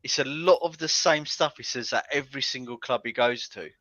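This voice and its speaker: Bright-toned man with halting speech. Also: mid-range voice, no room sound. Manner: hesitant, restarts a lot. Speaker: podcast guest. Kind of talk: casual podcast chat. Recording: dull lo-fi dry sound.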